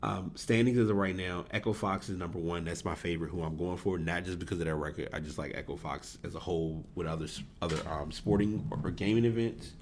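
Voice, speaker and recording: Podcast host, male, very low voice, rambling casual delivery, faint hiss behind. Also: fast, hardly any pauses, a little mellow. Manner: rambling, self-correcting, chuckles at himself. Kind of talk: casual solo podcast talk about esports. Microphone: desk USB microphone.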